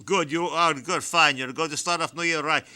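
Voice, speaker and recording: A man hosting a comedy radio show, deadpan and dropping little words as he quizzes his guest. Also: fairly high pitch, moderate pace.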